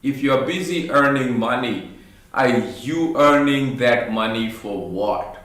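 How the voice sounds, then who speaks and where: A man reflecting on a family story in a slow, unhurried monologue, often pausing to gather his thoughts. His pitch sits in an ordinary middle range. The room gives his voice a strong, hollow echo. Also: a bit bright. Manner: slow, thoughtful, with hesitant fillers. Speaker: parent telling a personal story. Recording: very echoey room.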